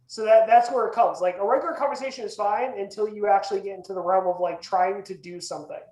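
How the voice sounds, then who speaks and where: A woman's voice: mid-range voice, fast talker, a little mellow. A woman co-hosting a casual podcast, explaining eagerly with many repeats and fillers. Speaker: podcast co-host and player. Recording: roomy echo.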